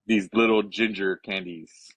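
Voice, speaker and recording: Middle-aged guy, low husky voice, laid-back self-mocking chat, dry close sound. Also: steady tone, measured pace, dry recording, rough recording. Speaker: podcast co-host. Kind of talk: casual chat.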